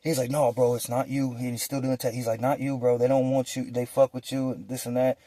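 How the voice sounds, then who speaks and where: Young adult man, storytelling, street slang, mellow voice, dry close sound. Animated, acts out dialogue. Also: mid-range voice, a little fast, no room sound. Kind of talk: casual prison storytime.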